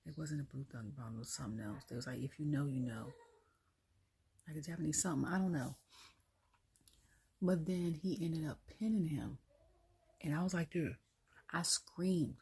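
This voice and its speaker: A wrestling review vlogger with a low, husky, rough voice rants casually on her own about a wrestling show. Her talk is loose and chatty, a little mellow, and she slips into quoted voices and bursts out laughing along the way.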